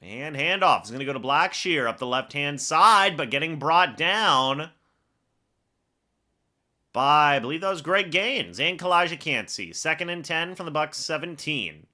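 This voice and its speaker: A man with a voice on the high side and a sharp tone runs a live fan reaction stream, unhurried and expressive. He narrates each play broadcaster-style and talks to viewers between snaps.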